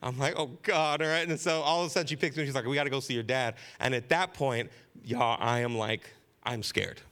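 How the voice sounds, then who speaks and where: A man's voice: medium pitch, fairly quick, fairly bright tone. A man in his thirties, a pastor, preaching a sermon in a candid, conversational storytelling way with casual slang. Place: church sanctuary.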